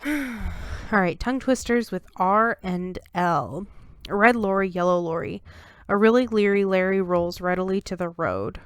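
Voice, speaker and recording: A woman's voice: medium pitch, unhurried, smooth, no echo, studio quality. A young woman hosting a casual solo podcast, laughing at herself as she stumbles through tongue twisters. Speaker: podcast host.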